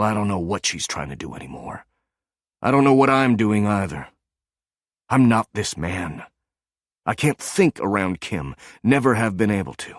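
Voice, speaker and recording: A man's voice: lowish voice, dry recording, clean studio sound, lightly acted. A man playing a stubborn weary man. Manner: stubborn, brooding.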